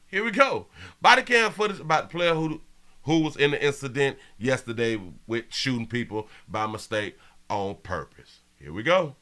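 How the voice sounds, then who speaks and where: A man's voice: mid-range voice, fast talker, bright, forceful tone. A man hosting a live show, talking loosely and straight to his viewers as he comments on video footage. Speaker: show host.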